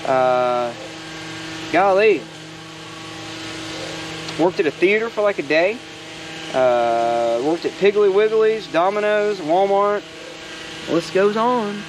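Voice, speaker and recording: Rambling man, lively pitch. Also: slow pace, pauses often. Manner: rambling and joking, given to side rants. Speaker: DIY maker vlogger. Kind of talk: casual workshop chat. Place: outdoors at a backyard project. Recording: outdoor ambience with noise.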